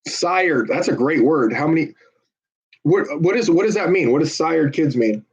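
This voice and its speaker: Chatting on a relaxed livestream while he makes calls, a phone bank volunteer uses a slightly high, slightly rough voice with lively intonation at normal speed. He's joking and persuasive with callers and viewers, much like a salesman, and the recording is dull and lo-fi.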